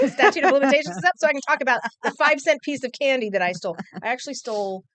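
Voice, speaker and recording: A woman's voice: sits high, fast talker. A woman in her forties, a news anchor, chatting casually on air and telling a story with acted-out quotes. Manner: animated storyteller, acts out quotes. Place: TV news studio.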